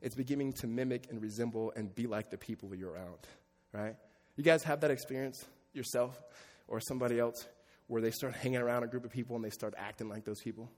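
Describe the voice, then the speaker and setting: A man's voice: mid-range voice, quick pace, darkish tone. A middle-aged man preaching a sermon as pastor, conversational and joking with his congregation. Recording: long reverb of a large hall.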